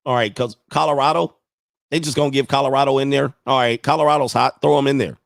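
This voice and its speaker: A man of ordinary pitch hosts a loose sports livestream, wandering from point to point and thinking out loud. His voice sounds dry and close, with no room around it. He chuckles between thoughts. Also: fairly even intonation, quick pace, vocal fry, no room sound. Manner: rambling, thinks aloud, chuckles often. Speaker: sports show host. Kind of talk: casual livestream sports chat.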